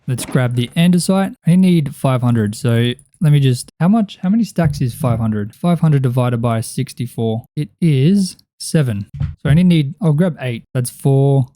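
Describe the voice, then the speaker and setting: A young man with an Australian accent rambles through casual gameplay commentary, drifting from one thought to the next. His voice is very dark and mellow, recorded close and dry with no room sound. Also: medium pitch, dry recording. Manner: chatty, rambling, thinks aloud. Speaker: gaming channel host.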